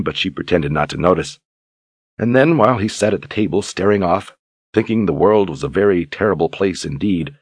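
A man narrating an audiobook in a measured, calm storytelling manner. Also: low voice, slightly rough, no room sound.

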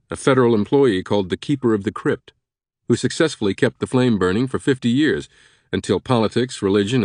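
A man's voice: medium pitch, a little mellow, dry recording, clean studio sound, natural voice. A man voicing a learned male professor who explains history patiently.

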